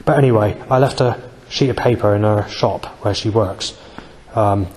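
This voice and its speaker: A man speaking in a rambling, aggrieved personal monologue, halting often with fillers. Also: fairly low pitch, a little mellow, big-room sound, slight background noise. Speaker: vlogger.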